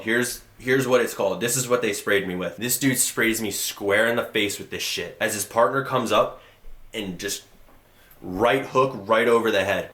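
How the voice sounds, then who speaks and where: A young man with a lowish voice recounts his own story in a casual monologue, blunt and profane, words tumbling out in a rush. The sound carries a noticeable room echo. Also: a bit bright. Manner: blunt, profane, rushed retelling. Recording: echoey room.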